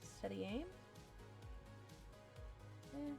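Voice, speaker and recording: An excitable woman chatting to herself and her stream viewers while she builds a card game deck, with bursts of delight. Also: medium pitch, extremely slow, gravelly, soft background music. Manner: excitable, talks to herself while browsing cards. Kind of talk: casual live-stream deckbuilding chat.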